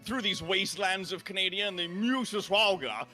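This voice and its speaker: A man's voice: sits high, moderate pace, over music, lightly acted. A man playing a boastful mustached nobleman. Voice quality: grandiose and boastful. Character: boastful pompous old nobleman with two mustaches. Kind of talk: improvised tall-tale storytelling.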